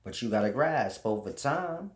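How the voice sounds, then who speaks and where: A man's voice: medium pitch, lively intonation, moderate pace, echoey room. A man hosting his own channel, delivering a casual, preachy monologue full of blunt, profane rants. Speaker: channel host teaching spiritual ideas.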